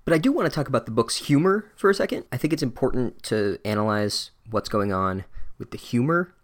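A man's voice: medium pitch, lively intonation, a little fast. A man giving a comedic chapter recap in a sarcastic, profane, rambling way, full of "like"s. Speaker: book recap host.

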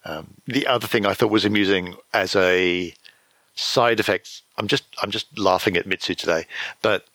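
A man's voice: low voice, fairly even intonation, moderate pace, a bit bright, no echo. A man co-hosting a podcast, chatting casually about a story and jumping into jokey character voices. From outside the US. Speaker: podcast co-host. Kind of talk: casual chat about fiction.

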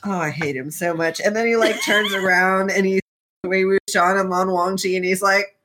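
Animated woman recapping a story. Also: medium pitch, noisy background. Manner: animated, swearing, acting out characters in quick quotes. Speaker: podcast co-host. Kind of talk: casual chat recapping a novel.

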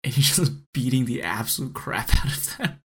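A man's voice: medium pitch, expressive, measured pace, breathy edge. A young man co-hosting a podcast in casual chat, easygoing and laughing often. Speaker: podcast co-host.

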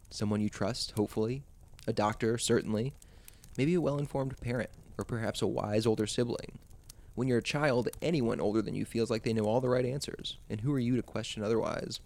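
A man hosting a podcast, narrating a suspenseful story in a measured way. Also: mid-range voice, gravelly, a little mellow.

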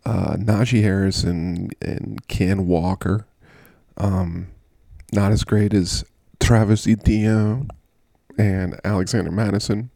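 Male vlogger, low and dark-toned, casual rambling jokey commentary. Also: fairly even intonation, slow pace, vocal fry, no room sound. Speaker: fantasy football vlogger.

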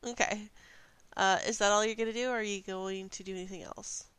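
A woman acting as game master in a tabletop game, upbeat and quick to laugh, with lots of okays. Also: medium pitch, steady tone, a bit bright, clean tone, no echo, poor audio.

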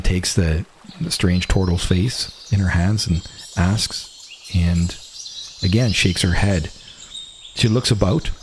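A man narrating a tabletop game as game master, describing scenes slowly with frequent restarts. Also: low-pitched, a little mellow, slight background noise.

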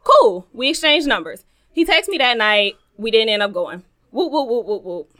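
Lively bright-voiced young woman storyteller. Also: on the high side, moderate pace. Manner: animated storyteller, acts out quoted dialogue. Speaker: podcast co-host. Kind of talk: casual storytelling chat.

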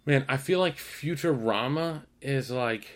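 A man co-hosting a podcast in casual chat, easygoing and quick to laugh. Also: mid-range voice. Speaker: podcast co-host.

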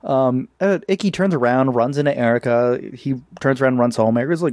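Laughing, animated man on a dry mic. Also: mid-range voice, quick pace, hardly any pauses, dry recording. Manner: animated, laughing, acts out quotes. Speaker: podcast co-host. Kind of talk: casual chat recapping a cartoon.

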